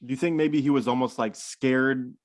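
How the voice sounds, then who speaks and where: Halting male podcast host, dry sound. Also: medium pitch, fairly even intonation, dry recording. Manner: halting, rephrases his questions as he asks them. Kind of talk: interview questions.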